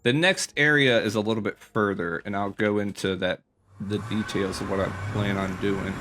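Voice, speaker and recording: A man's voice: lowish voice, fairly even intonation, moderate pace, noisy background. Rambling man giving a game tour. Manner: rambling, filler-heavy, self-correcting. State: slightly out of breath. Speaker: gaming YouTuber. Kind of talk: casual game commentary tour.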